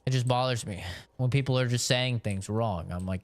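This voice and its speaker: A man from Canada ranting on a live game stream, opinionated and animated, spelling words out letter by letter. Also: mid-range voice, normal speed, no room sound. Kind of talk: casual rant during a live game stream.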